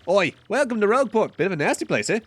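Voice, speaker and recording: A man voicing a rough, cheery male harbor local with a gruff, folksy manner, over faint game music. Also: high voice, big pitch swings, fast, pitched above the performer's own voice, exaggerated voice. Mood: jaunty.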